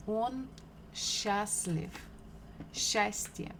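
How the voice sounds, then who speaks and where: Slow, patient woman teaching Russian. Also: medium pitch, a bit bright, slight background noise. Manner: slow, patient, repeats words several times, chats with viewers. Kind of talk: live-streamed language lesson. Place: home.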